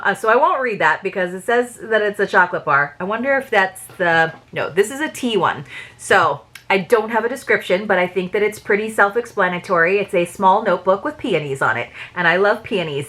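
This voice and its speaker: A woman's voice: medium pitch, fairly bright tone. A young woman chatting casually as she unboxes and reviews a book subscription box, gushing a little over each item and now and then reading passages aloud. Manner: chatty, gushing, with small laughs and asides.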